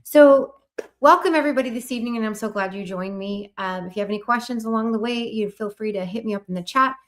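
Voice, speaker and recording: A woman's voice: fairly high pitch, quick pace. A woman hosting a live online workshop, talking earnestly in a coaching manner and putting questions to her audience. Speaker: host.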